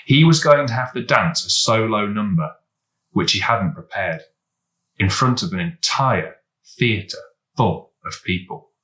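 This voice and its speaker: A man reading a children's storybook aloud, lively and expressive as he goes. His voice is low yet bright and forceful. The sound carries in a roomy, echoey space. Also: measured pace.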